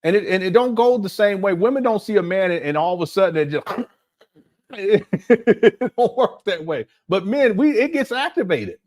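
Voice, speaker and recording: An older man giving casual reaction commentary as a channel host, animated and mocking, often breaking into laughter. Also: sits high, fast, few pauses.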